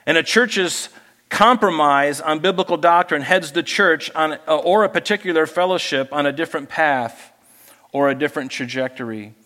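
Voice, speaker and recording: A man preaching a sermon as pastor, lively and animated, acting out people he quotes. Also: moderate pace, in a large hall. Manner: animated, acts out quoted people in higher voices.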